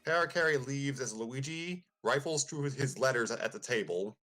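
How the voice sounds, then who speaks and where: A man's voice: mid-range voice, moderate pace, pushed and bright, soft background music. A man hosting a show, casually reading a fan-fiction story aloud and chuckling at the text now and then. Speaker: host and narrator.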